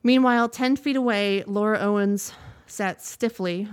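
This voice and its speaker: A woman reading a news report aloud in a measured, steady way, now and then stopping to correct a word. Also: mid-range voice, smooth. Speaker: news reader.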